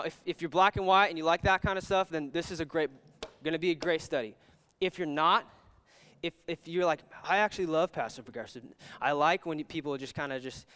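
A man's voice: sits high, fairly bright tone, clear, resonant tone. Young man rambling through a sermon. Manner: rambling, filler-heavy, with many "like"s and restarts. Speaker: youth pastor. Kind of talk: casual sermon with storytelling. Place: church hall. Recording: long reverb of a large hall.

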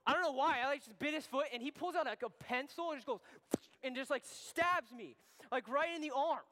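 High-voiced youth pastor in a hall. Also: male voice, fairly quick, noisy background. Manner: animated storytelling with many restarts. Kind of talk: youth group talk. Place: church hall. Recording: long hall reverb.

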